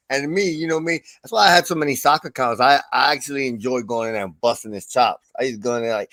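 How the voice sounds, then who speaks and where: A man's voice: mid-range voice, fast talker, no echo. Profane laughing man telling stories. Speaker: stream host. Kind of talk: casual livestream chat.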